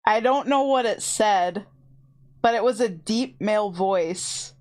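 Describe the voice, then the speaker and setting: A woman streamer from her home computer setup, casually and excitedly telling ghost stories to her chat in a rambling way. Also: mid-range voice, slow, noisy background. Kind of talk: casual storytelling to a live chat. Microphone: desk mic with headphones on.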